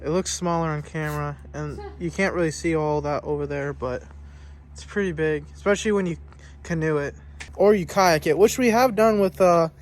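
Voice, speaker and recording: A man's voice: a little high, normal speed, a little hiss or hum. A young man chatting to viewers in a casual vlog outdoors by a lake, a bit out of breath, recorded on a phone. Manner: chatty and upbeat, talks to viewers. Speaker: vlogger. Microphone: phone camera.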